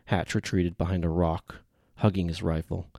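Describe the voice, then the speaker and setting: A man narrating an audiobook in a steady, even reading. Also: low voice, moderate pace, gravelly, no room sound, clean studio sound.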